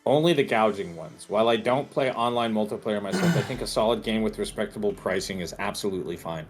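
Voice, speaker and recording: A man's voice: on the low side, animated, fast, faint music behind. A man co-hosting a gaming podcast, reading out news with wry, dry comments. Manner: wry, reads out news aloud. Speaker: podcast co-host. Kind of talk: casual podcast chat.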